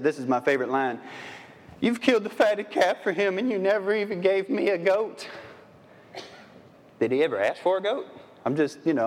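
A pastor giving a sermon in a folksy, conversational way, throwing rhetorical questions at his listeners. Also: mid-range voice. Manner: asks the audience many rhetorical questions. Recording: long reverb of a large hall.

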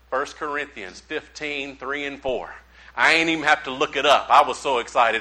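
A man preaching a sermon, a folksy, animated storyteller who acts out the voices of the people he quotes. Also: fairly high pitch, brisk, rough recording. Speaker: pastor.

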